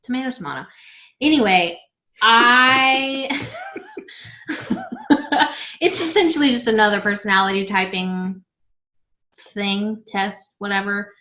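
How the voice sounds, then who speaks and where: A woman in her thirties talks in an unhurried, easygoing way, giggling and trailing off between her thoughts. Her voice sits at an ordinary middle pitch. It is recorded in a roomy space with a noticeable echo. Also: bright, forceful tone. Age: 30s. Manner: chatty and giggly, trailing off with filler words. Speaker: vlog host being interviewed. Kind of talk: casual chat.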